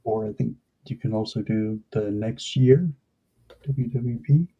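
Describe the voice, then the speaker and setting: A man's voice: lowish voice, unhurried, husky, lo-fi sound. A man co-hosting a livestream in casual chat, passing on news and announcements to viewers. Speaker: livestream co-host.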